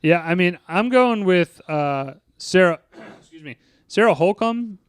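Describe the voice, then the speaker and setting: A man's voice: high-pitched, lively intonation, a little slow, smooth, no room sound, studio quality. Profane joking male podcast co-host. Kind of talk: casual chat, movie review.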